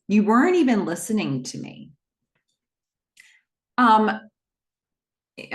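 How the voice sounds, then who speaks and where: A young adult woman hosting a podcast, recapping a TV episode in casual narration, acting out the characters' lines with quick jumps in pitch, full of fillers and self-corrections. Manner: acts out quoted lines with a quick shift of pitch.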